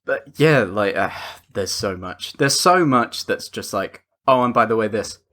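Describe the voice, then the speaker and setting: Lively man recapping on a podcast. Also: lowish voice, measured pace. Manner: agreeable, backchanneling, loose recaps. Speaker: podcast co-host. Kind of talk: casual film-review chat.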